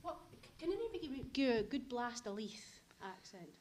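A woman's voice: fairly high pitch, very animated, a little fast. A woman hosting a panel discussion, prompting and coaxing her guests with laughter. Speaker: host. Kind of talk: interviewing a panel.

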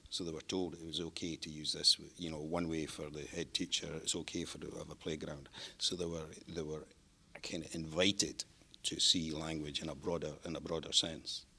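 A man's voice: extremely low pitch, little pitch movement, normal speed, pushed and bright, slight background noise. An older man, a teacher on a discussion panel, repeating words as he builds his point.

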